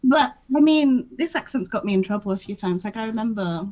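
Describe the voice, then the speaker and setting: A woman's voice: mid-range voice, lively intonation, fairly quick, noisy background. British woman, casual and candid, lo-fi sound. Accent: British English. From England. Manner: chatty, candid and laughing easily. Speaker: guest. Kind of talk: casual chat on a livestream. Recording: dull lo-fi sound.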